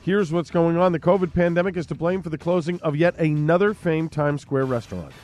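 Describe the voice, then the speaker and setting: A man reading local news headlines on the radio in a crisp, steady newsreader delivery. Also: a little high, fairly quick, soft background music.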